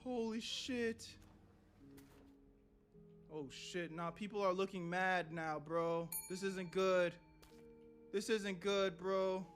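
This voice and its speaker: A man's voice: high voice, fairly even intonation, slow, long pauses, a bit bright, faint music behind. A young man streaming a game live, swearing and talking nervously to his chat as he plays. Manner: jittery, swearing, talks to chat. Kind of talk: live gameplay commentary.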